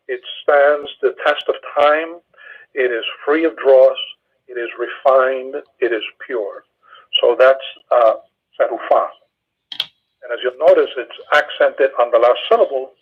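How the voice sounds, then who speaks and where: A man explains the wording of a psalm over a narrow, tinny phone line. His voice is husky, and he stumbles and restarts often with many fillers. He sounds like a teacher walking a study group through a text. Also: mid-range voice. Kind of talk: explaining scripture grammar.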